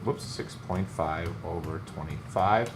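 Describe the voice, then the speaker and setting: A man's voice: low voice, unhurried. A man teaching a math class, joking and teasing his students as he works through problems. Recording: echoey classroom, some noise.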